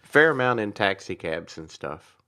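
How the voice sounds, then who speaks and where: A man's voice: fairly low pitch, sing-song, moderate pace, bright, forceful tone. A man co-hosting a podcast, answering briefly and a little hesitantly in casual talk. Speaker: podcast co-host.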